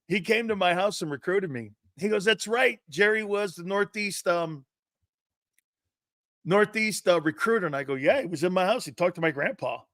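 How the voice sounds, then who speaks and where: Animated rambling sports show host, man. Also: sits high, no echo, clean studio sound. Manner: rambling, animated anecdotes with restarts and quoted voices. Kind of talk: casual storytelling and show hosting.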